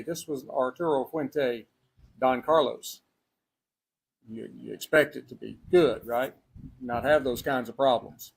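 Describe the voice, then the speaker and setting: A man's voice: mid-range voice, vocal fry, slightly rough. A man with a Texas accent hosting a cigar and spirits livestream, chatting casually outdoors and rambling through fillers and restarts. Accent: Texan. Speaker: cigar and spirits show host. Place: outdoors on a breezy day.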